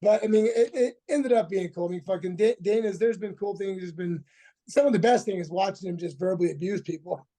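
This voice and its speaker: A man's voice: high-pitched, fairly quick, warm tone. A man in his forties, a former fighter, telling a rambling, profane story as a podcast guest, full of restarts and acted-out quotes. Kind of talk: casual storytelling interview.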